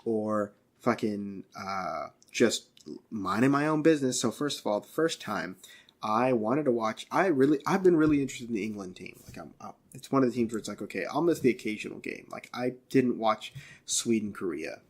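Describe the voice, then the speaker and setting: A man's voice: fairly low pitch, lively intonation, normal speed, husky. A man co-hosting a casual podcast, ranting in an exasperated, profane way. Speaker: podcast co-host.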